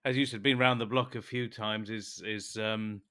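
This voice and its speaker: A man's voice: on the low side, steady tone, moderate pace, pushed and bright. A man co-hosting a sports podcast, bantering with his co-host and steering the talk with questions. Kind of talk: casual podcast chat.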